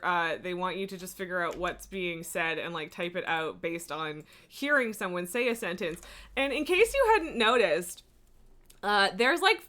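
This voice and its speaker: Bright-voiced woman rambling on a live stream. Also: medium pitch. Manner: rambling, laughing, swears freely. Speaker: livestreamer. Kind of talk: casual live-stream chat.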